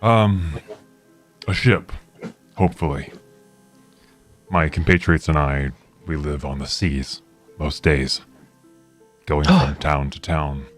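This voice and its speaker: Deep-voiced man in mock-dignified role-play. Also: slow, long pauses, soft background music. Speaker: player voicing his character. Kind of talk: in-character tabletop role-play.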